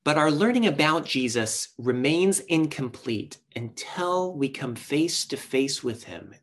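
A man's voice: on the high side, lively intonation, measured pace, a bit bright. A man preaching a sermon as pastor, earnest and emphatic, asking rhetorical questions and shifting his pace.

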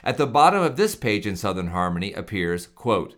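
Slow, careful man with a low voice. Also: sing-song, fairly bright tone. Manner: slow, careful, measured reading. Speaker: hymn presenter. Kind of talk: reflective spoken commentary on hymns.

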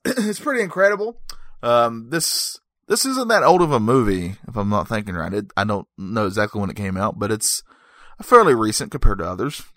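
A man's voice: medium pitch, fairly bright tone, no room sound, clean studio sound. A man reviewing a movie in a casual, joking monologue, rambling and correcting himself as he goes.

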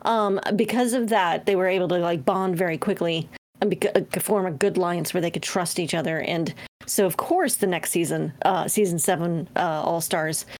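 A woman co-hosting a casual podcast, talkative and quick to laugh, with many fillers. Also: lowish voice, a little mellow. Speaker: podcast co-host. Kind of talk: casual chat.

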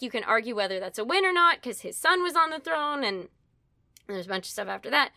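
A woman in casual conversation, retelling a story in an animated way with playful asides. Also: medium pitch, dry recording. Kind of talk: casual literary discussion.

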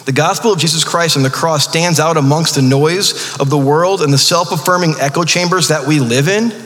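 A male pastor preaching a sermon in a relaxed, conversational way, with joking asides and frequent restarts. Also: on the high side, brisk. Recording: long reverb of a large hall.

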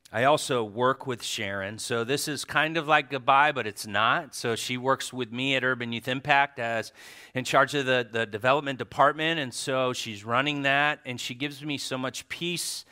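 A man with a bright, crisp, resonant voice gives a heartfelt tribute to a congregation. He tells stories in a lively way, with loud animated bursts and soft, quiet asides. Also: medium pitch, unhurried.

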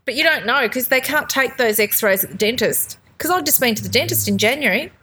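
A woman's voice: on the high side, lively intonation, a little fast, bright, forceful tone, a little hiss or hum, rough recording. A woman co-hosting a podcast in casual chat, telling stories with lots of laughter. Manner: chatty storyteller, laughs often, acts out quoted voices. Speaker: podcast co-host.

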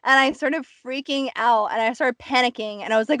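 Woman co-host, casual chat, bright-pitched, dry close mic, rambling filler-heavy storyteller. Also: a little fast, hardly any pauses, dry recording. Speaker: podcast co-host.

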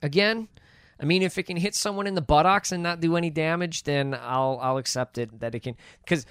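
A man's voice: fairly high pitch, brisk, a bit bright, clear, resonant tone, no room sound, clean studio sound. A man in casual movie chat, laid-back and wry, often tagging lines with dude or man.

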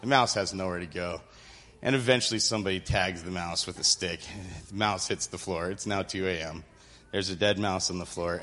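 A man telling a funny camp story to a congregation, animated and laughing often as he acts out quotes on a handheld microphone. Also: deep voice. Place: church hall. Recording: reverberant hall with faint ambience.

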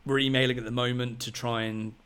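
A man in his thirties, a podcast host telling a long story in a rambling, excitable way, full of fillers. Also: medium pitch, fast talker, clean tone. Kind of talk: casual storytelling chat.

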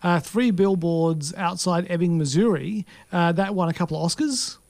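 A man's voice: high-pitched, normal speed, vocal fry, a little mellow, no room sound. An Australian man co-hosting a podcast, talking about films in a laid-back, hesitant way with dry teasing. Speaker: podcast co-host. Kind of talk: casual chat about films.

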